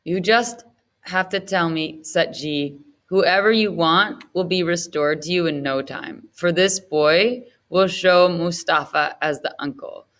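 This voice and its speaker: A woman's voice: on the low side, a little slow, fairly bright tone. Woman reader doing a scheming male orphanage keeper, wheedling and eager to please. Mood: fawning. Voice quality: ingratiating, wheedling.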